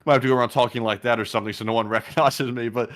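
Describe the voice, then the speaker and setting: A man's voice: mid-range voice, fairly even intonation, rapid-fire. A man co-hosting a casual livestream, easygoing as he reads out donations. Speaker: co-host.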